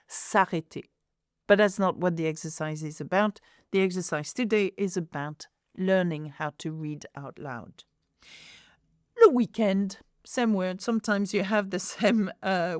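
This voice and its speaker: A woman teaching pronunciation, modelling words slowly and explaining them in English. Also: on the low side, no room sound, studio quality. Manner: slow, clear modelling of French words, then explaining in English. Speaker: French teacher. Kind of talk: pronunciation lesson.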